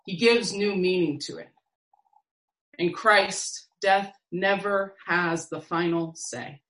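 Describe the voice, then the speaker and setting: Woman preacher, calm measured sermon delivery, recorded in a roomy space. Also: lowish voice. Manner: slow, measured, reflective delivery with long pauses.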